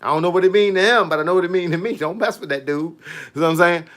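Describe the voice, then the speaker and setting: Man in his fifties, boxing coach, livestream chat, fairly high voice, animated, slangy, preachy advice. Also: very fast. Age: 50s. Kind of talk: casual livestream chat reading comments.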